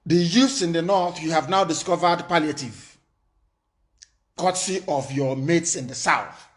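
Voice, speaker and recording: A man's voice: a little high, measured pace. A man giving an impassioned, defiant political broadcast full of warnings and threats.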